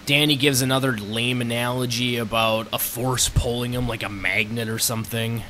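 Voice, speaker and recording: A man narrating a sarcastic, crude comedic review of a movie, with sudden loud outbursts. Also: mid-range voice, steady tone, moderate pace, a little hiss or hum.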